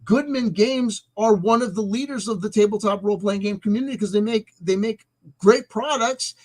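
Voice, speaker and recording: A man hosting a vlog, ranting emphatically with profanity and swinging between loud outbursts and soft asides. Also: high-pitched, normal speed. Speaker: host.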